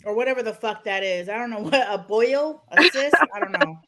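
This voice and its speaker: A woman's voice: on the high side, animated, brisk, crowd noise. A woman co-hosting a casual online talk show, mocking a streamer with crude, sarcastic remarks and frequent laughter. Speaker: podcast co-host. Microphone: personal mic at home.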